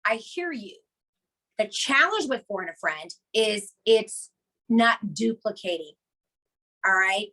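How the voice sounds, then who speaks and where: A woman hosting a motivational team call, energetic and emphatic, repeating her key points with chatty asides. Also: mid-range voice, slow pace, pauses often.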